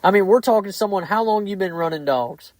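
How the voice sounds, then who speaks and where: Foul-mouthed, blunt man, fairly high voice. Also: fast talker, no echo, poor audio. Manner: profane, blunt, animated storytelling. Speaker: podcast host. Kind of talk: casual podcast chat.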